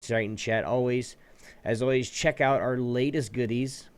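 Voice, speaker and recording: A man's voice: mid-range voice, steady tone, moderate pace. A man hosting a podcast in easygoing casual chat, plugging links and giveaways to listeners. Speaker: podcast host.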